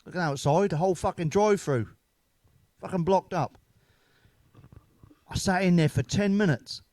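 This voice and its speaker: A man's voice: high-pitched, normal speed, darkish tone, no room sound. A middle-aged man telling jokes and stories in a blunt, sweary stand-up style. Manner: sweary, blunt, laughing at his own jokes. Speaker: stand-up comedian. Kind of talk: casual stand-up storytelling.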